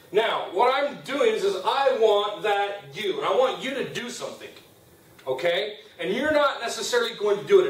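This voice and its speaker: A male teacher gives a classroom lecture, walking through each point patiently and pausing to ask "okay?". His voice sits a little high for a man. He is picked up from a distance, with the echo of a classroom around him. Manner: explains step by step, checks in with "okay?". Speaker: Spanish teacher. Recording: roomy classroom sound from a distance.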